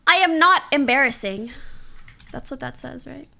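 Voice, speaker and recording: A woman's voice: high voice, lively intonation, moderate pace, creaky, pushed and bright. A woman streamer chatting casually and playfully, laughing often and repeating practice phrases aloud. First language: English.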